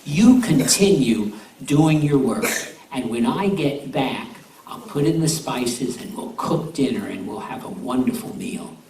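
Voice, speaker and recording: A man playing a kind old grandmother who gives slow, low warnings, in a told folk tale. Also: lively intonation, darkish tone. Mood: cautioning. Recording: echoey room, distant mic, noisy.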